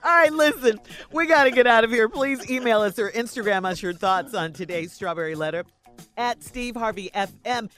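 A woman's voice: fairly high pitch, fairly quick, fairly bright tone, faint music behind. A woman co-hosting a radio show who teases the others and laughs. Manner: laughing, teasing interjections. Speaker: radio co-host. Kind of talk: radio banter.

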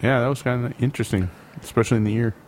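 A man's voice: mid-range voice, fairly even intonation, very fast, slight background noise. A man co-hosting a casual podcast, laughing often and restarting his sentences. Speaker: podcast co-host.

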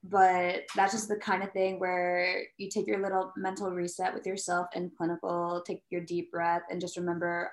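A young woman in her twenties encourages fellow students in a reassuring way. Her fairly low, even voice carries a roomy echo. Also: brisk, few pauses. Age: 20s. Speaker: nursing student guest. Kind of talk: casual podcast chat.

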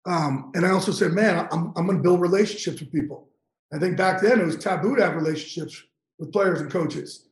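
A man's voice: on the high side, a little mellow, echoey room, poor audio. A man in his fifties, a guest on an interview show, telling an emotional story with intense, profane energy and getting choked up. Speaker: guest, NFL insider.

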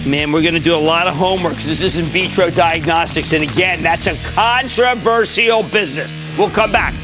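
A man in his sixties hosting a TV stock market show, talking in an emphatic, excitable way and sometimes shouting out names. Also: fairly high pitch, fairly quick, music in the background. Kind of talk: energetic TV finance commentary.

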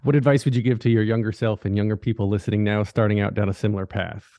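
A man's voice: on the low side, little pitch movement, quick pace, dark tone, dry recording, clean studio sound. A man hosting an interview podcast, enthusiastic and wrapping up with his set questions. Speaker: podcast host.

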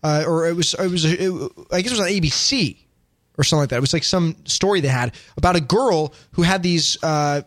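A man's voice: a little high, a little fast, fairly bright tone. A man hosting a podcast in casual chat, rambling along and reading out listener chat comments. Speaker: podcast host.

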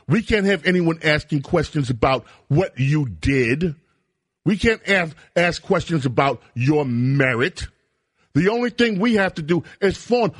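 A man's voice: fairly high pitch, expressive, measured pace, husky, no room sound. A man hosting a talk radio show, ranting in a heated, emphatic political monologue from a studio microphone.

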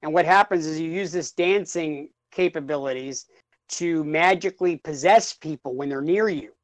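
A man's voice: on the high side, normal speed, dry recording, rough recording. A man joins a casual podcast chat and rambles through playful ideas, padding them with fillers. His voice is recorded dry and close, with no room sound.

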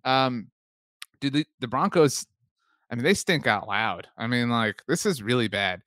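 A man co-hosting a sports podcast in casual chat, talking loosely with many fillers and quick laughs. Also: medium pitch, expressive, a bit bright, no room sound, studio quality. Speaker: podcast co-host.

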